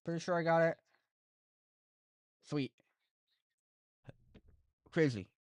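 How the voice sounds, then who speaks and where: A young adult streamer chatting casually and excitedly with viewers while reacting to esports races. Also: mid-range voice, slow, no room sound. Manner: excitable, chatty, jokey, addresses viewers as guys. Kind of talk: casual live-stream commentary.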